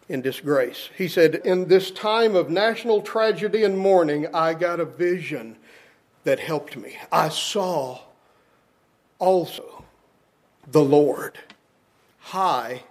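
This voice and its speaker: Emphatic preacher man with a higher voice. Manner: emphatic, repeats words for stress; quotes scripture in an acted voice. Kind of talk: sermon.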